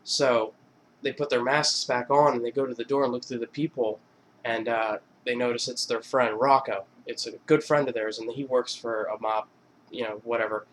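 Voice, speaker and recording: A man's voice: medium pitch, steady tone, normal speed, a bit bright, a little hiss or hum. A man vlogger casually retelling funny film scenes, rambling with many fillers and laughing between lines. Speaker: YouTube vlogger.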